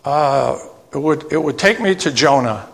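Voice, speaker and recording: A man preaching a sermon, reading old scripture verses slowly and then explaining them in plain asides that end with "okay?". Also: fairly high pitch, animated, gravelly. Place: church sanctuary. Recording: long church reverb.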